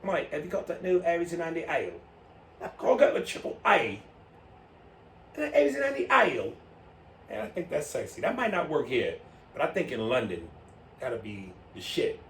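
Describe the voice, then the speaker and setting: A man co-hosting a podcast, reading listener emails and riffing loudly with big pitch jumps. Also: normal speed, long pauses. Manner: animated, loud riffing with sudden pitch jumps. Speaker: podcast co-host. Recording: roomy, distant mic with faint noise.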